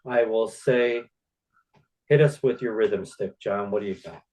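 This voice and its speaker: A man's voice: lowish voice, a little slow, darkish tone, low-quality recording. Upbeat man hosting a chatty interview. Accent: Long Island. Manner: upbeat, laughs often. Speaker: podcast host. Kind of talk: casual interview.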